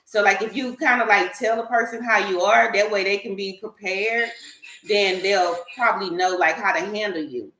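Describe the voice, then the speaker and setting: A woman's voice: mid-range voice, normal speed, bright, forceful tone, slight background noise. A woman on a discussion panel talking earnestly and emphatically, explaining her views at length in a candid group conversation. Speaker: panel guest. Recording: echoey room.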